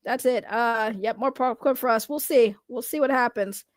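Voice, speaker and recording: A woman's voice: a little high, normal speed, no room sound, clean studio sound. A woman streamer giving casual, sarcastic live commentary, rambling with restarts and laughs.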